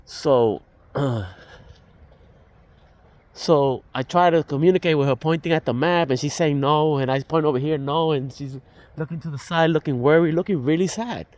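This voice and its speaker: With a fairly high, slightly mellow voice at a moderate pace, this older storyteller rambles through a personal testimony. He restarts, uses fillers, and reenacts the dialogue as he tells it.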